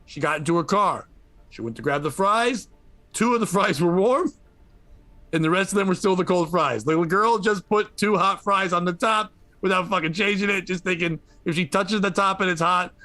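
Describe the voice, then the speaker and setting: A man hosting a comedy podcast, retelling a news story with animated, profane storytelling. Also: high-pitched, moderate pace, dry recording, soft background music. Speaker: podcast host.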